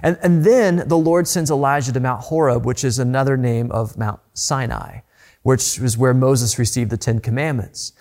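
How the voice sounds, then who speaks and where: Guy preaching, reads bible passages then explains, gets all quiet n hushed at times, mid voice. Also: mid-range voice, moderate pace. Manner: reflective, emphatic Bible teaching with soft hushed moments. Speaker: pastor. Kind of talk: sermon.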